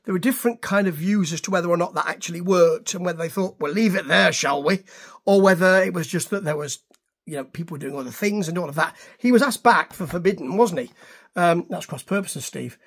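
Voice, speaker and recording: A man's voice: high-pitched, quick pace, husky. A man reviewing music to camera in a chatty, digressive way, correcting himself as he goes. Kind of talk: casual rambling review to camera.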